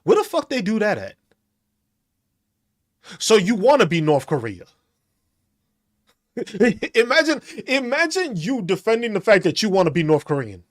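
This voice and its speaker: Male podcast host, mocking and crude, high voice that swings a lot. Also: huge pitch swings, moderate pace, long pauses. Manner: mocking, profane, laughing between taunts. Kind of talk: ranting commentary reacting to comments.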